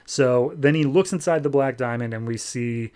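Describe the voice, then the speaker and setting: A man hosting a comic review podcast, recapping the story in a relaxed, sarcastic way. His voice sits mid-range and sounds chatty and wry. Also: medium pitch, normal speed, clear, resonant tone. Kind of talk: casual comic book recap.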